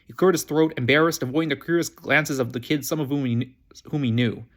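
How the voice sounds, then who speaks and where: Man reading a children's book aloud; fast, slightly high, self-correcting. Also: steady tone. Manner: quick, with frequent restarts. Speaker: reader.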